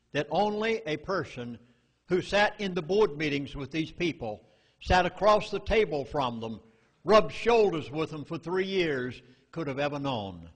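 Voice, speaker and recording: A man with a Southern US drawl speaks to a meeting crowd, with emphatic and urgent warnings. His voice sits a bit high, and a long hall reverb trails each phrase. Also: a bit bright. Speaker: public speaker. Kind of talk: public lecture to a live audience.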